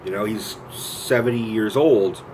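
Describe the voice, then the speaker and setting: A man giving a casual, profane film rant. He retells scenes with lively quoted voices and gets animated as he goes. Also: fairly low pitch, measured pace, background noise. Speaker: movie reviewer.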